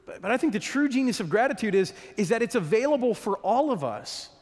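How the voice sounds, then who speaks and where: High-voiced preaching man in reverberant hall. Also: sing-song, a little mellow. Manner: earnest preaching with quick restarts and repeated words. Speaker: pastor. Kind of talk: sermon. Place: church hall.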